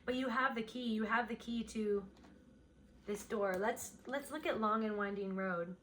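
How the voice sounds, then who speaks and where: A woman's voice: fairly high pitch, measured pace, a little hiss or hum. A woman giving an unscripted pick-a-card reading, speaking in a meandering, intuitive way and voicing her impressions as they come. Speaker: tarot card reader.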